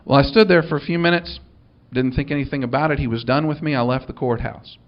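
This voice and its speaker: A man's voice: medium pitch, quick pace, lo-fi sound. A man, a minister telling a funny story to an audience in a dry, wry way, acting out the dialogue.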